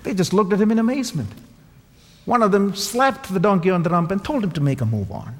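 Male preacher, fairly high voice, emphatic, repeats key lines; big echoing hall. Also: animated, a little fast. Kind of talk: sermon. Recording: long hall reverb.

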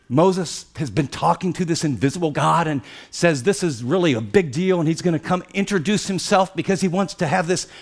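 Animated high-voiced male preacher. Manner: dramatic storytelling, swings from hushed to excited. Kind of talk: sermon.

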